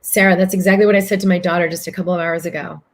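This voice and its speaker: A woman's voice: on the low side, steady tone, very fast. A woman host talking earnestly on a live stream, reading out viewer comments and answering them in long flowing phrases.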